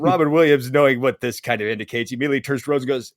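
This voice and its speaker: A man's voice: mid-range voice, rapid-fire, dry recording, studio quality. A man co-hosting a casual podcast, telling a story and acting out the voices of the people he quotes. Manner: animated, acts out quoted voices. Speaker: podcast co-host.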